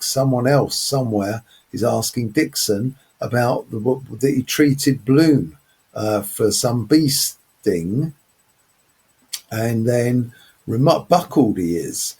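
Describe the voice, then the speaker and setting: A literature presenter gives an unscripted close reading of a novel, talking slowly through passages in a mid-range, slightly mellow voice with a breathy edge. He sounds hesitant and uses many fillers.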